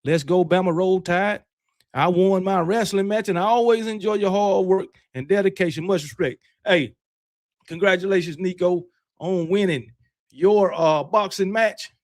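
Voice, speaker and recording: Brash male livestream host with a high voice, casual and fired-up, curses freely. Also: normal speed. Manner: loose, fired-up and brash, with mild cursing; talks with candy in his mouth. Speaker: host of a college football livestream. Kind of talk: casual live-stream chat.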